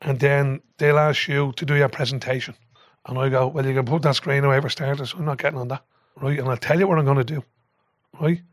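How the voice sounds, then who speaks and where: An older Irish man, a former football manager and podcast guest, telling animated, sweary stories and acting out the shouting. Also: mid-range voice, fairly quick, dry recording, studio quality. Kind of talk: casual storytelling chat.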